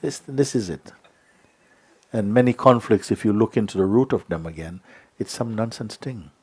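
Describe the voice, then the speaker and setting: Deep husky guy giving a spiritual talk, slow storytelling, lots of uh's. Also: darkish tone. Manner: unhurried storytelling with many hesitations. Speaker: spiritual teacher.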